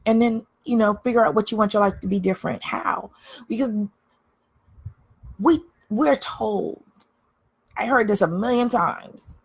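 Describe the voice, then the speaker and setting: A woman's voice: on the low side, slightly rough. A woman hosting a candid livestream, talking bluntly and emphatically, repeating phrases to drive her points home. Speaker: livestream host.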